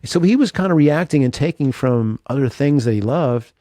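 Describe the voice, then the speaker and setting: A man's voice: medium pitch, animated, normal speed, dark tone, no room sound, clean studio sound. A man, a guitarist guest in an interview, talking earnestly and self-deprecatingly with lots of restarts. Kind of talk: reflective interview talk.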